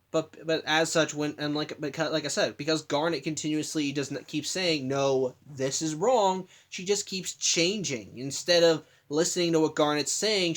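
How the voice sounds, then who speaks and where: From home, a man hosts a loose, rambling spoken breakdown of a cartoon episode, often restarting sentences and apologizing for interruptions. His voice is a bit high and somewhat bright.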